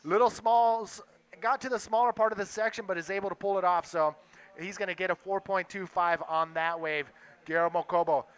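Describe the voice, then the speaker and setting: A young man calling a live sports event, excitable and quick to react to the action. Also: high voice, clean tone. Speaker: play-by-play commentator.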